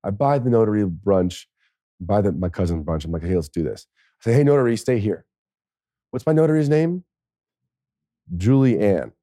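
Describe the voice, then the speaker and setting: A man's voice: fairly low pitch, expressive, normal speed, pauses often, dark tone, no echo, studio quality. A man, a former pro football player, telling a story in a rambling, profane way and laughing often. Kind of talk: casual storytelling.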